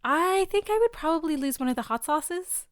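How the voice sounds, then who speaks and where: A woman's voice: high-pitched, animated, no room sound, studio quality. A young woman co-hosting a podcast, teasing and playful in casual chat. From Canada. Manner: playful, teasing, quick back-and-forth. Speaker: podcast co-host.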